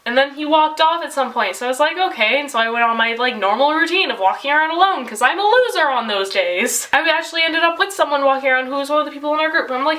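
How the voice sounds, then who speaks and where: A woman's voice: high-pitched, expressive, fast talker, hardly any pauses, sharp tone, rough recording. A teenage girl rambling through an exasperated vent in a casual video diary, with lots of "like". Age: teens. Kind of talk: casual venting vlog.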